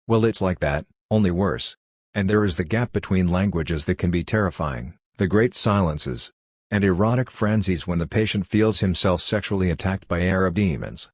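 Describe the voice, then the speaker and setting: A brisk young doctor lectures in a matter-of-fact, clinical tone, read by a man. The voice sits very low, and the recording is dry and close with no room around it. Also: a little mellow, no room sound.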